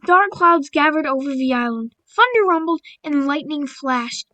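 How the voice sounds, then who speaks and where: A woman with a high voice reads simple children's stories aloud in a casual, offhand way. She trips over words, restarts lines, and cuts in with blunt asides. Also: animated, moderate pace, bright, forceful tone, low-quality recording. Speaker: video creator.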